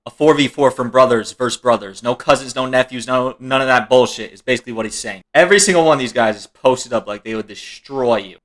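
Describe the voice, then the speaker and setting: Joking man in bright reaction commentary. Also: mid-range voice, fast talker, hardly any pauses. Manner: joking, laughs while explaining, swears casually. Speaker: streamer reacting to videos.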